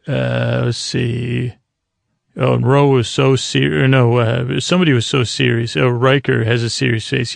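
A man hosting a podcast, casually recapping an episode from his notes in a halting way, with many fillers, sometimes losing his place. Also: mid-range voice, creaky, no room sound. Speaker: podcast host.

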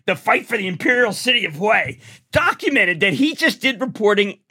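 A man in his sixties talks in a high, bright voice that swoops up and down. He rambles excitedly through his stories and climbs to near-shouts when worked up. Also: moderate pace, breathy edge. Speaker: guest. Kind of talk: animated conversation.

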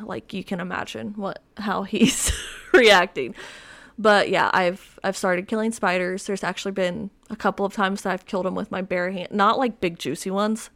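A woman in her twenties hosts a podcast by herself, rambling casually and poking fun at herself while using lots of filler words. Her voice is medium-pitched with vocal fry.

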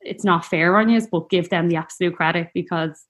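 A woman's voice: fairly low pitch, brisk, fairly bright tone. A woman telling a personal story in a casual, rambling, heartfelt way. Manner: chatty, rambling, heartfelt, peppered with "like".

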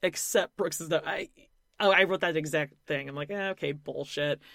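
A woman's voice: low voice, brisk, no room sound, studio quality. A woman co-hosting a podcast, recapping a reality show in blunt, mocking casual chat. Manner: blunt, animated and mocking, with lots of swearing and laughter. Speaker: podcast co-host.

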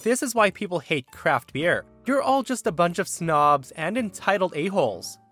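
A man's voice: high voice, animated, normal speed, fairly bright tone, soft background music, voice pushed up. A man voicing an entitled, demanding middle-aged woman customer who talks down to people in a huffy, snappy way. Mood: indignant.

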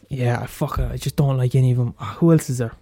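A man's voice: medium pitch, fairly even intonation, moderate pace, dark tone, no room sound. An Irish man hosting a solo comedy podcast, blunt and sweary, mocking himself and repeating lines for effect. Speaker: podcast host.

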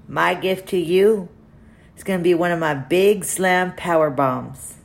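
A woman wrestler giving a recorded birthday shout-out with playful trash talk. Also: fairly low pitch, unhurried, gravelly. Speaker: pro wrestler.

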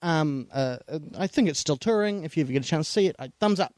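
A man's voice: a little high, animated, fast talker, darkish tone, no echo, studio quality. A man co-hosting a casual, comedic movie review chat, laughing often and jumping between asides. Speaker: podcast co-host.

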